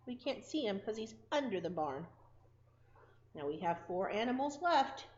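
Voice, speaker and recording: A woman preschool teacher leads a circle time lesson. She talks slowly and sing-song to small children. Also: a little high, dull audio.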